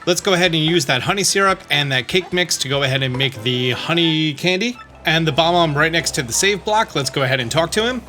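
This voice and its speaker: A man with a bright, slightly high voice narrates a game walkthrough in a chatty, easygoing way. He reads the characters' dialogue aloud in his normal voice as he plays, with faint game music underneath. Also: brisk, hardly any pauses. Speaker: let's play host.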